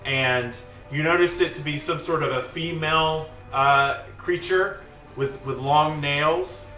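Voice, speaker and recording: Give me a man game master narrating, far from the mic with soft music underneath. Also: fairly high pitch. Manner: casual, halting narration with fillers. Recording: echoey room, distant mic, faint music.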